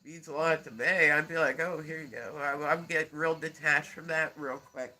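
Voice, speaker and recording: A congested man with a stuffy nose hosts a rambling livestream chat. His voice sits a bit high and rings very bright and sharp, broken often by laughs and casual swearing. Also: flat delivery, normal speed. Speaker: livestream host.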